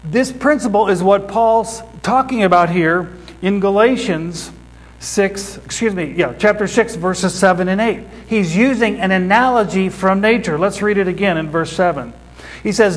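A man's voice: high voice, normal speed, poor audio. A man preaching a sermon to a congregation, explaining scripture as a teacher and putting questions to his listeners. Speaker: pastor. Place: church before a congregation.

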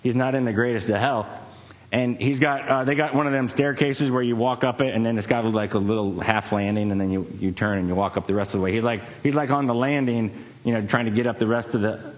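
A man preaching, telling a personal story in a casual, conversational way with fillers and quick laughs. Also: medium pitch, fairly even intonation, big-room sound. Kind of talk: sermon story.

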